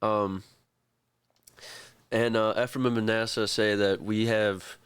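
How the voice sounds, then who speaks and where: A man narrating a tabletop game as game master in a relaxed, rambling way. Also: lowish voice, slow pace, smooth, dry recording.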